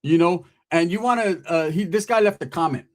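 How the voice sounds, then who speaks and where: A man's voice: high voice, brisk. A man hosting his own channel, delivering a profane, taunting roast of a rival in a casual, street-slang rant to the camera. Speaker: channel host.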